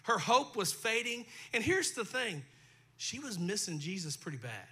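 In a church sanctuary, a male pastor preaches to his congregation in a folksy, conversational way, his throat sounding dry. His voice is high and sing-song, with a sharp tone and a breathy edge, moving at a moderate pace.

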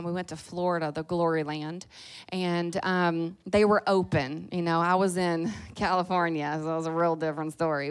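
Her voice on the low side, a middle-aged woman with a Kentucky accent delivers a lively, folksy sermon that rises loud and falls soft.

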